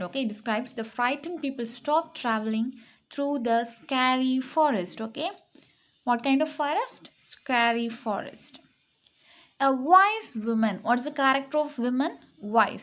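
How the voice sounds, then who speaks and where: Slow, deliberate woman teaching grammar. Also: a little high. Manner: slow, deliberate dictation, spelling words letter by letter; repeats key words and checks with "okay?". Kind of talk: online grammar lesson for young pupils.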